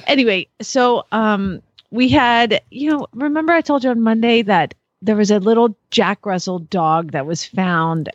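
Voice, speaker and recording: A woman's voice: medium pitch, normal speed, few pauses, no echo, highs cut off. A woman co-hosting a radio show, telling a family story in casual chat, laughing often and acting out the voices. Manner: animated, laughing storyteller who acts out voices.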